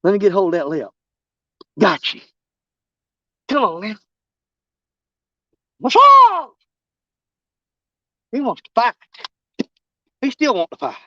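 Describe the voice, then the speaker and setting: A man, chatting casually and excitably in a fishing vlog, folksy and joking. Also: sits high, normal speed, long pauses, no echo, lo-fi sound. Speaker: fishing vlogger. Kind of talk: casual outdoor vlog chat.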